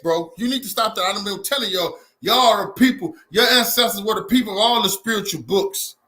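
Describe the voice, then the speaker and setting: Brief: man, very high bright voice, impassioned preaching commentary, repetitive and loud at times. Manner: fiery, preachy, repeats himself, shouts at times. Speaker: commentator reacting to a speech.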